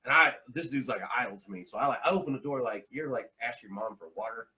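Lively, bright-voiced joking man. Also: mid-range voice, fast, rough recording. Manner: animated, swears freely, acts out quoted people. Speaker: comedian guest. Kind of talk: storytelling in casual chat.

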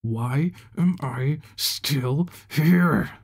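A man's voice: medium pitch, animated, creaky, breathy edge, exaggerated voice. A man voicing a volatile cult leader. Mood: anguished. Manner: slow, menacing, swinging to furious shouts. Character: power-hungry male cult leader, volatile and menacing.

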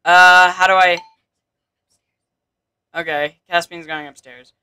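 A man talking casually over his own gameplay, thinking out loud and reading on-screen text aloud. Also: sits high, little pitch movement, slow, smooth. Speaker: gameplay video maker.

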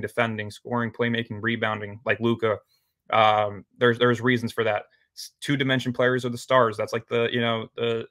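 A man's voice: medium pitch, a bit bright, dry recording. A man talking as a podcast guest in casual debate, blunt and opinionated.

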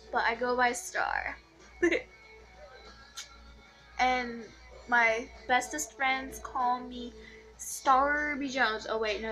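A young woman casually vlogging to her channel, gushing and excitable like an overjoyed fan. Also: high-pitched. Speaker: YouTuber. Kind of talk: casual vlog chat.

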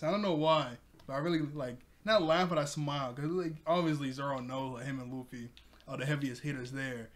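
A man's voice: fairly high pitch, fairly even intonation, a little fast. A man casually recapping an anime episode for his review channel, chatty and rambling, laughing often.

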